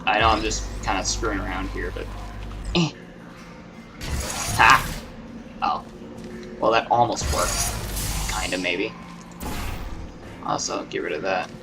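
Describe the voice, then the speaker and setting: A man's voice: low voice, unhurried, gravelly, pauses often, over music. A man giving casual commentary while playing a video game, rambling hesitantly with lots of fillers. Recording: distant mic with noise.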